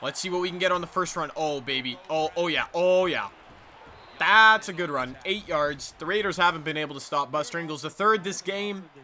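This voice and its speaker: A man giving excited, trash-talking commentary over his own football video game play. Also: a little high, a little fast. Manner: hyped, trash-talking, sing-song exclamations. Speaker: gaming YouTuber.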